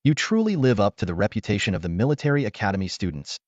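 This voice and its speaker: A man voicing an older, hearty veteran warrior who is resolute and proud, speaking in a booming, commanding way. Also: big pitch swings, fast, dry recording, lo-fi sound. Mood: approving.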